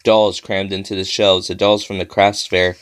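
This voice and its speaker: A man narrating a children's horror story with steady storytelling. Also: sits low, moderate pace, clean tone. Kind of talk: reading a horror story aloud.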